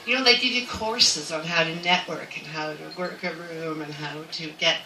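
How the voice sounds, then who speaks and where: A woman speaking at a memorial, warm and halting, laughing often between her words. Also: sits low. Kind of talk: informal tribute speech. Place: memorial gathering room. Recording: echoey room, distant mic, background noise.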